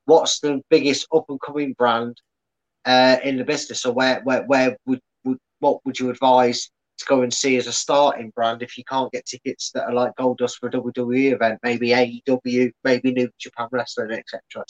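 A man's voice: medium pitch, flat delivery, moderate pace. A man, a podcast host chatting casually and plugging his channel, with many restarts and fillers. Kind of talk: casual chat. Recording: dull lo-fi sound.

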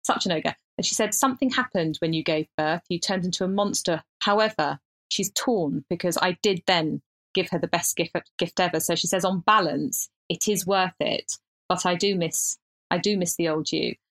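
A woman's voice: fairly low pitch, normal speed, a bit bright. A middle-aged woman, co-hosting a casual podcast chat and telling stories with lots of restarts. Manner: chatty storyteller, frequent restarts and laughter. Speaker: podcast co-host.

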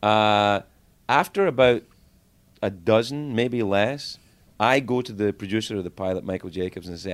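A man's voice: on the low side, moderate pace. A middle-aged man, a podcast guest, telling casual, profane stories and acting out the people he quotes. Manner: animated, profane anecdotes with lively acted-out quotes. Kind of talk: casual storytelling.

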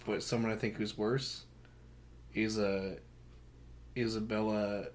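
A young man co-hosting a casual film podcast, mocking and getting loud and animated as he rants. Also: lowish voice, slow. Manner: mocking, gets loud and animated when ranting. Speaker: podcast co-host. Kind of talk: casual movie chat.

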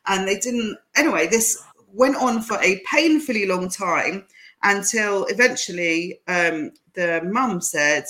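A woman comedian and podcast host tells a long anecdote in casual chat. She voices what everyone said as she goes, and her pitch sits in the middle of the range. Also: measured pace. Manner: lively storyteller who acts out what people said.

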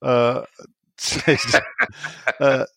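A man's voice: medium pitch, steady tone, creaky, fairly bright tone, no echo. A man hosting a casual football podcast, reading out listener messages and often stumbling over his first words. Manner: halting, repeats words as he starts. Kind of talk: casual chat.

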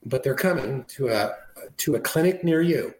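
A man talks loosely on a talk show at an ordinary middle pitch, trailing off and restarting as he goes. His voice rings in an echoey room. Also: expressive, normal speed, a little hiss or hum. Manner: rambling and conversational, restarts often. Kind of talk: casual talk show conversation.

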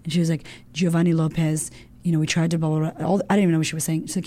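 A woman's voice: sits low, little pitch movement, rapid-fire, dark tone. A woman guest in an interview, telling a personal story casually and candidly, swearing often and filling her talk with "like".

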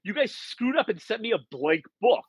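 Animated storytelling man, slightly high voice. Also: moderate pace, husky, no room sound, poor audio. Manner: animated storyteller, acts out quoted dialogue. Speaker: guest, author. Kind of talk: casual storytelling in a podcast interview.

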